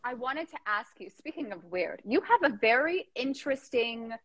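A woman's voice: fairly high pitch, lively intonation, normal speed, a bit bright, no echo. A young woman from Canada hosting a casual chat, playful and riffing on silly ideas. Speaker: podcast host.

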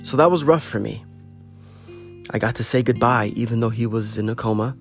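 With faint guitar in the background, a medium-pitched man talks briskly through a rambling, sincere monologue, pressing listeners to get in touch with their friends.

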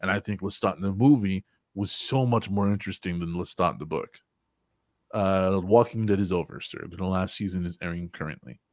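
A man hosting a casual podcast, telling stories in an animated, profane way and acting out quotes. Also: low-pitched, brisk, dry recording, studio quality. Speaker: podcast host.

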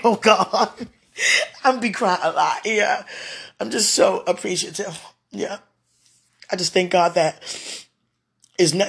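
Husky woman, laughing podcast storyteller. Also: fairly low pitch. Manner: laughs often, chatty, faith-filled testimony. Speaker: podcast host. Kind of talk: casual personal storytelling.

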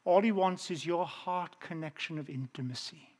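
A man's voice: a little high, moderate pace, a little mellow. A middle-aged man preaching a sermon in an earnest, repetitive cadence.

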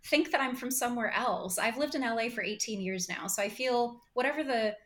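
A woman's voice: on the high side, brisk. An American woman who acts, talking as a podcast guest, enthusiastic and laughing often with many fillers. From United States. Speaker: guest, actor. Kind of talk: casual podcast interview.

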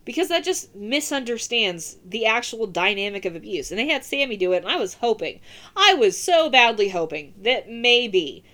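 A woman hosting a podcast, ranting casually and swearing freely as she gives her opinions. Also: medium pitch. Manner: profane, animated ranting. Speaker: podcast host.

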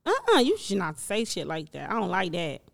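A woman's voice: mid-range voice, wildly swooping pitch, brisk, creaky. A young woman, telling stories in casual chat with a blunt, profane manner. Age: young adult.

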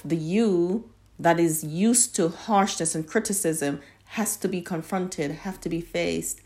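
A woman's voice: on the low side, a little mellow. A middle-aged woman, a mother, giving an earnest, reflective self-help talk, often repeating words as she searches for them.

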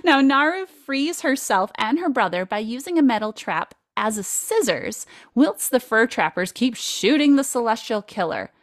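A woman's voice: on the high side, big pitch swings, normal speed, hardly any pauses, dry recording, studio quality. A woman hosting a podcast, recapping a film in a playful, jokey way with frequent laughs. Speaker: podcast host.

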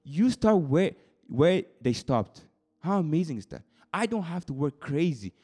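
A young man preaching a sermon to a youth group, dropping to a soft confiding tone and then climbing into high, excited bursts, often repeating words and restarting sentences. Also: unhurried, husky.

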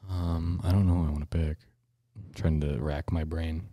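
A man's voice: very deep voice, flat delivery, moderate pace, mellow, dry recording, studio quality. A young man co-hosting a podcast, chatting in a laid-back way and swearing casually. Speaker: podcast co-host. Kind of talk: casual chat.

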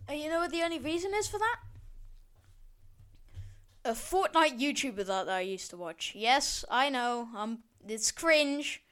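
Teen girl rambling on her podcast, high voice, swears a lot, keeps backtracking. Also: animated, a little slow, fairly bright tone. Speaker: podcast host. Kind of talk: casual solo podcast rant.

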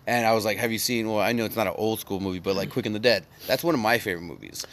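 Fast-talking low-voiced man on a podcast. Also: a bit bright. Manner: rambling, jokey, swears freely. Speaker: podcast co-host. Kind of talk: casual podcast chat.

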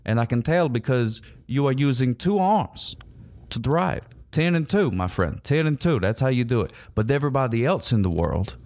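A man's voice: mid-range voice, lively intonation, normal speed, darkish tone. A man hosting a comedy radio show, rambling goofily and giving mock-serious advice. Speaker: host.

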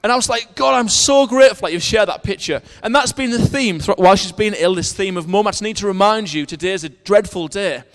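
A man's voice: high-pitched, quick pace, few pauses, long reverb tail. A man preaching a sermon in earnest, telling a personal story and reading verses aloud, with frequent restarts.

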